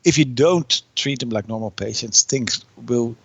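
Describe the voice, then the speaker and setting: A man from the Netherlands with a Dutch accent, a guest nurse speaking earnestly in careful, halting English. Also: mid-range voice, creaky, husky, dry recording, lo-fi sound. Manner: earnest, halting phrasing with restarts. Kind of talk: conversational interview.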